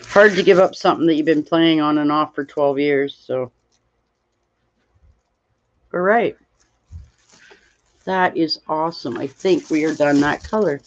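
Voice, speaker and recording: A tired woman hosting a casual livestream while crafting, rambling and greeting viewers from chat. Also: low voice. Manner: slow, rambling, reads chat aloud. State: tired, yawning. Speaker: livestream host. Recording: dull lo-fi stream audio.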